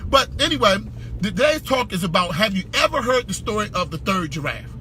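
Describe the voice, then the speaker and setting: Man, motivational speaker, very high pitch, lively swings, preacher-like call-and-response, shouts for emphasis. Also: fairly quick, slight background noise. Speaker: business speaker. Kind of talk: motivational talk.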